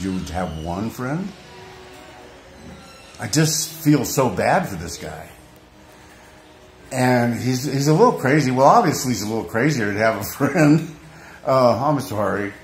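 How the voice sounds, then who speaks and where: Earnest man rambling in an echoey room. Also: mid-range voice. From United States. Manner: earnest, rambling, with restarts and repeated phrases. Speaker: vlogger. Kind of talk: emotional unscripted vlog rant. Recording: echoey room, faint background noise.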